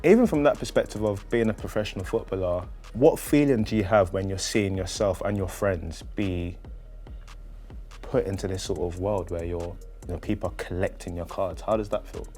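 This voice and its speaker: A man with a low voice puts measured, upbeat questions to his guest. Soft music runs beneath the conversation. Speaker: interviewer host. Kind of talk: interview questions.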